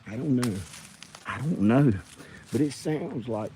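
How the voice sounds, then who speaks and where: A man rambling and joking casually to viewers as he clears out old junk. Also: mid-range voice, animated, measured pace, mellow, slight background noise. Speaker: video creator.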